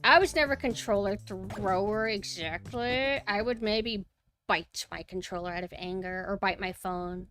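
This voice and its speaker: A young woman streaming a platformer, chatting through her play and quick to yell and curse at the game. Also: medium pitch, soft background music. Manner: rage-prone, yelling and cursing at the game; chatty, thinks aloud. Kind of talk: live gameplay commentary.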